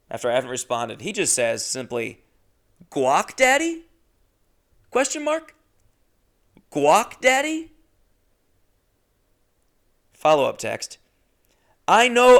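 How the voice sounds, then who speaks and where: A young adult man, a podcast host, telling a comedic story alone, indignant and swearing, jumping into high exaggerated voices when he quotes people. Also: vocal fry, fairly bright tone.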